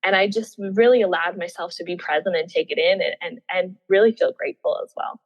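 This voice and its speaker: A woman, a former Olympian, telling her story in a casual interview. She is animated, laughs often and acts out what she was thinking at the time. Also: fairly low pitch, brisk. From Australia. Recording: dull, muffled audio with long reverb.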